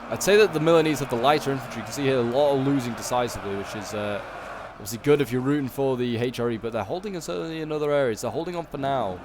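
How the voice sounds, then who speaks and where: Rapid-fire delivery from a mid-range voice against a noisy background: a Yorkshire game channel host giving rambling, casual gameplay commentary. He peppers it with "like" and "um" and regularly backtracks to correct himself.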